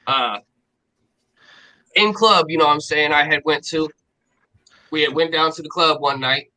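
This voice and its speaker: Bright-voiced man telling a wild story. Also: fairly high pitch, a little slow, rough recording. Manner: animated, profane, slangy. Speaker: stream host telling a story. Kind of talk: casual storytelling chat.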